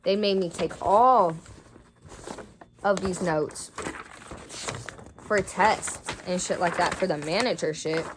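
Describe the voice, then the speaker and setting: A woman's voice: fairly low pitch, slow pace, long pauses, background noise. A young woman telling a heated, profane storytime rant about her job in a vlog. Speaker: vlogger.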